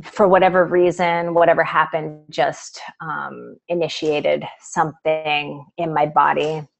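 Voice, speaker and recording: A woman's voice: low voice, flat delivery, measured pace, gravelly, rough recording. A middle-aged woman, an author guest in a live video interview, telling a personal story with lots of quoted dialogue.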